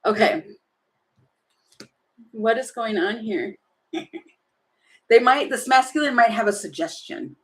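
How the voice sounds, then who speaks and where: A woman's voice: fairly high pitch, lively intonation, slow, pauses often, a bit bright, rough recording. A woman giving a casual tarot reading, chatty and giggly, thinking aloud as she turns the cards. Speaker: tarot reader.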